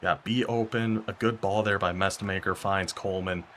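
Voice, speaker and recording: A young man commentating his own football video game as he plays, talking to himself and reacting with sudden excitement and frustration. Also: low voice, slight background noise. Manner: talks to himself while playing, quick bursts of excitement and frustration. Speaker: gaming YouTuber. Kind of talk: live gameplay commentary.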